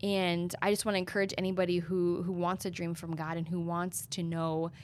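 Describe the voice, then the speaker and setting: A young woman with a fairly low voice tells her story in an earnest, preaching manner. She speaks as a guest in an interview. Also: flat delivery, fairly quick, slight background noise. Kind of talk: testimony in an interview.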